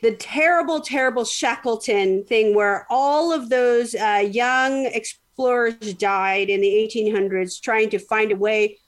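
A woman's voice: on the high side, fairly even intonation, measured pace, hardly any pauses. A woman hosting a podcast, telling a story in casual chat, rambling with lots of fillers and restarts. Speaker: podcast host.

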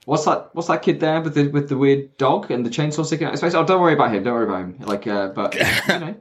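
A man's voice: fairly high pitch, quick pace, natural voice. A man voicing a bossy, aggressive mobster version of a girl trainer, demanding money in a pushy, scheming way.

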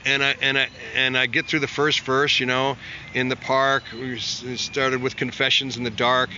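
A man's voice: mid-range voice, level tone, moderate pace, bright, forceful tone, lo-fi sound, slight background noise. A man, a musician, telling long stories in a casual interview, full of restarts and acted-out quotes. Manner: rambling, self-interrupting, acts out quotes in a raised voice. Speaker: musician guest.

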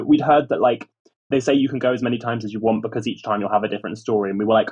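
Guy talking fast on a podcast, bit husky, dull lo-fi mic sound. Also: medium pitch, flat delivery, a little mellow. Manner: quick, breezy storyteller. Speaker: podcast guest. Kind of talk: casual podcast chat. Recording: lo-fi muffled mic.

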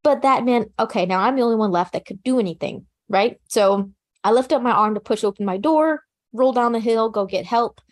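A woman recounting a personal survival story in an interview, speaking in a calm, practical, matter-of-fact way with casual fillers. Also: on the high side, a little fast. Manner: plain conversational fillers like "you know" and "like". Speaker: interview guest.

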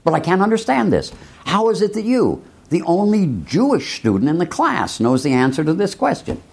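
A man's voice: high voice, big pitch swings, moderate pace, gravelly, a little mellow, slightly rough, pitched above the performer's own voice, heavily acted. A man mimicking an incredulous schoolteacher lady. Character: puzzled female schoolteacher in a joke.

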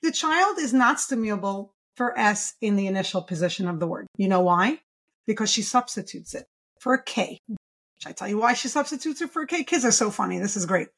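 A woman's voice: mid-range voice, expressive, brisk, a bit bright. A woman speech therapist as a podcast guest, talking enthusiastically and emphatically, posing rhetorical questions as she explains. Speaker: pediatric speech-language pathologist guest. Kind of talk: podcast interview.

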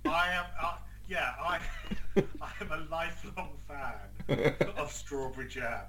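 A man, a panelist on a football podcast, teasing and joking through quick banter. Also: on the high side, crowd noise, low-quality recording. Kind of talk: casual football chat.

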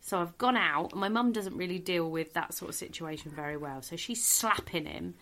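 A middle-aged comedian guest with a voice on the low side speaks a little fast while telling a funny story on a podcast. She delivers it with gusto and keeps laughing as she goes.

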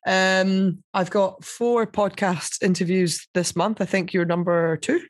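A woman's voice: medium pitch, steady tone, a little slow, dry recording, clean studio sound. Candid, swearing woman guest on a podcast. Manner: candid, swears freely, acts out quotes. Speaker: podcast guest, TV paranormal investigator. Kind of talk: casual chat.

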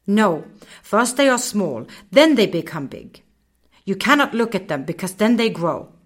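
A woman's voice: mid-range voice, very animated, a little slow, husky. A woman voicing a decisive, stern little male guide in a children's story, firm and commanding.

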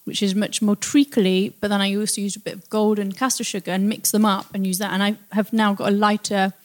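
A woman's voice: medium pitch, little pitch movement, a little fast, a little mellow. Chatty woman talking baking. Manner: chatty and detailed, laughs easily. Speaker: guest baker. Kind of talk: casual chat.

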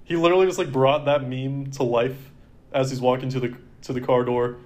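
A man's voice: mid-range voice, fairly even intonation, a little fast. A man co-hosting a podcast in casual chat, talking in a rambling, laid-back way. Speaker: podcast co-host.

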